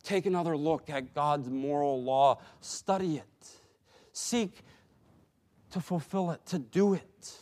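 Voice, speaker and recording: A man preaching a sermon in a slow, deliberate way, pausing for emphasis. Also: fairly high pitch, mellow. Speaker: pastor.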